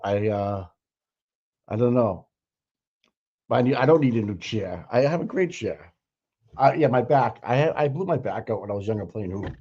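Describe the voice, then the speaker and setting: A man's voice: medium pitch, dark tone. A man with a thick Boston accent talks through a casual commentary stream, wandering from point to point and trailing off into "uh" and "I don't know." His voice sits in an ordinary middle register. The stream audio comes through dull and lo-fi. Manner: rambling, opinionated, laughs often, trails off with fillers. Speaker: livestream co-host.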